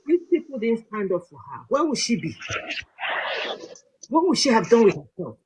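A woman's voice: on the high side, sing-song, moderate pace, mellow, breathy edge. A woman hosting a casual chat, talking in an emotional, indignant way. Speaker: host. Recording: noisy background.

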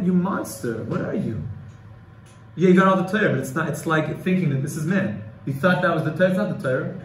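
A man teaching a Torah class in a fairly high voice, moving between explanation and emotional pleading as he quotes old texts. He sounds like he is in an echoey room, with a faint hum of ambience behind him.

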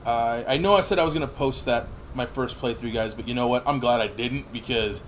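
A man in his thirties giving rambling, profane gameplay commentary with sudden excited outbursts. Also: mid-range voice, brisk, a little hiss or hum. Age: 30s. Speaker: gaming channel host.

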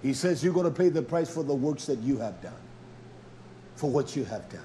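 A man preaching a fiery, scolding sermon, dropping to low mutters and then climbing to loud, pressing exhortation. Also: very animated, normal speed, a little hiss or hum. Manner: blunt, scolding, with mild cursing.

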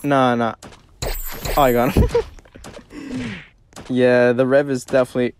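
Young male gamer, mid-pitched, slangy trash talk, faint noise in the background. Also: slow, pauses often. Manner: slangy, excitable, trash-talking other players. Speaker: gaming video creator. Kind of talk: casual gameplay commentary.

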